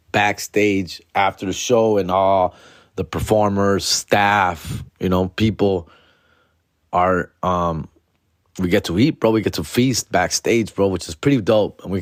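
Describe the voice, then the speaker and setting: An adult man, a comedian and father from California, tells a story in casual podcast chat, animated and slangy, acting out the quotes. His voice is deep, and the studio sound is clean with no room sound.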